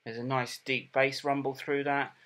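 A middle-aged man talks through a product review in a casual, matter-of-fact way. He hesitates often, filling gaps with ums and repeating words as he goes. His voice sits at an ordinary middle pitch. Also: level tone, fairly bright tone. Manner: plain, unhurried and matter-of-fact.

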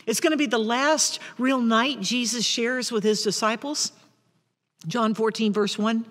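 A woman pastor preaching a sermon in a reflective, deliberate way, with bursts of rising intensity. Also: on the high side, steady tone, long reverb tail.

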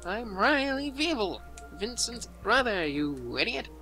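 A man's voice: high-pitched, very animated, a little slow, pushed and bright, faint music behind, exaggerated voice. A man voicing a surly young wise guy in a game, drawling and rude. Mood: scornful.

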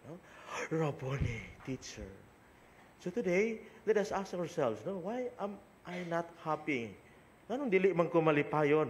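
A priest with a Filipino accent, a Cebuano speaker, reads the gospel and then preaches in a conversational way, often tagging "no?" onto his sentences. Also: fairly high pitch. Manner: conversational, frequent tag "no?". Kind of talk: gospel reading and homily.

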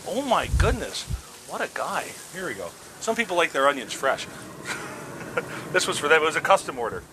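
A middle-aged man talks his way through a backyard pizza cook, joking at his own slips. His fairly high voice rises and falls freely. Steady noise sits clearly behind him outdoors. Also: a little fast. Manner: chatty, self-mocking, upbeat. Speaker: grilling show host. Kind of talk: casual cooking demo. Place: outdoors at grills.

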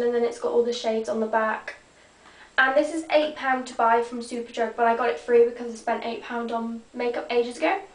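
Bubbly high-voiced teen girl. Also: recorded from a distance. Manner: chatty, rambling, bubbly. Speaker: beauty vlogger. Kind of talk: casual makeup show-and-tell. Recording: echoey room, voice off-mic.

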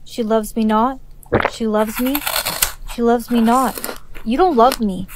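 A synthetic woman's voice narrating a story, reading every character's lines in the same even computer voice. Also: fairly high pitch, unhurried, background noise. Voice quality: synthetic, evenly paced computer voice. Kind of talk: text-to-speech story narration.

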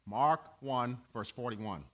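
A male pastor preaching a sermon to his congregation, swinging between loud, emphatic preaching and quiet, low asides. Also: slow. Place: church.

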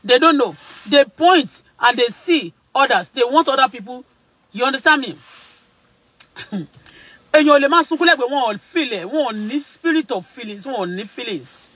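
High, bright-voiced Nigerian man preaching. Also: expressive, a little fast, breathy edge, no room sound, poor audio. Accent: Nigerian Yoruba. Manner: emphatic, repetitive, switching between English and Yoruba. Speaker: vlogger. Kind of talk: preachy casual monologue.

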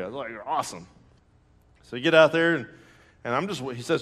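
Preacher guy, fairly high voice, bright and punchy, jumps up when telling his stories. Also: fast talker. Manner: storytelling, animated, acts out his own reactions; laughs through jokes. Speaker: pastor. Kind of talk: sermon.

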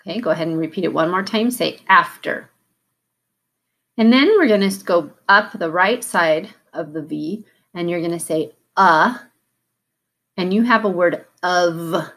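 A woman teaching a phonics lesson for children, sounding out words slowly and carefully. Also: lowish voice, fairly bright tone. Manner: slow, careful, over-articulated sounds.

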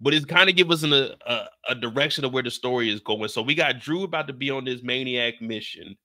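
A man's voice: mid-range voice, fast talker, bright, forceful tone. A man doing casual, slangy commentary on a TV show, joking around and laughing often. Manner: loose and laughing, slangy, trails off into sighs. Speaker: YouTuber breaking down a TV show.

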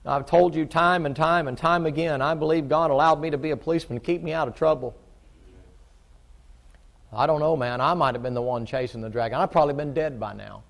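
A middle-aged man preaching a folksy sermon, shifting from quiet storytelling to loud, fervent preaching. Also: a little high, brisk, vocal fry.

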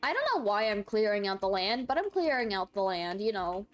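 A woman's voice: mid-range voice, big pitch swings, fairly quick, soft background music. A young woman in college streaming a game, chatting casually, laughing and answering viewers. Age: young adult. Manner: chatty, laughs a lot, reads chat aloud. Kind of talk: casual gaming stream chat.

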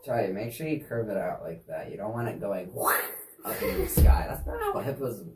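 A woman's voice: extremely low pitch, sing-song, normal speed, heavy background noise. A woman casually demonstrating sign language signs for a kids' lesson, chatty and easygoing with offhand asides. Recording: echoey room, distant mic.

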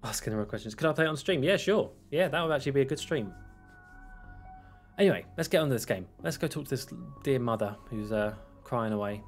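A man talks casually into a desk microphone while streaming a game, wandering from topic to topic. His voice sits at an ordinary middle pitch, and he chuckles easily as he answers chat questions. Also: animated, fast talker, soft background music. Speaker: gaming streamer.

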